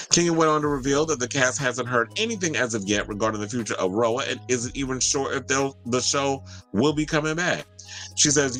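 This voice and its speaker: A man's voice: mid-range voice, a little fast, fairly bright tone, soft background music. A man hosting a celebrity gossip show, chatting casually with strong opinions and talking straight to his viewers. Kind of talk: casual pop-culture commentary.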